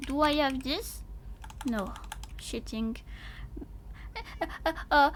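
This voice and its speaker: High, unhurried woman with a French accent. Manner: excitable, bursts into yelps and swearing. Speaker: streamer. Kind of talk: gameplay livestream commentary.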